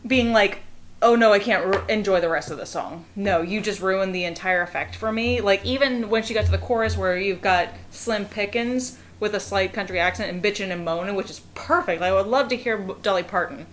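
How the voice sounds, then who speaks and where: A young woman from the Pittsburgh area with a Pittsburgh accent, a guest on a casual podcast, talking in an animated way with quick asides and laughs. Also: medium pitch, slight background noise. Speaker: guest reviewer.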